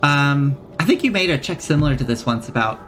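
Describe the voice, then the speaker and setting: A man's voice: a little high, lively intonation, brisk, a bit bright, faint music behind. A man running a tabletop game as game master, explaining rules and lore with many hesitant fillers.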